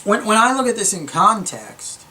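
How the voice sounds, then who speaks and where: Bright-voiced man ranting calmly about gaming. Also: high voice, moderate pace. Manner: earnest, with filler words and restarts. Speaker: gaming YouTuber. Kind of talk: calm opinion monologue.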